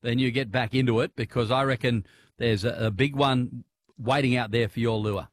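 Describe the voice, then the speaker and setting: A man's voice: medium pitch, steady tone, moderate pace, dry recording. Chatty man hosting. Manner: friendly, hesitant, many fillers and restarts. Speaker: host. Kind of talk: casual interview.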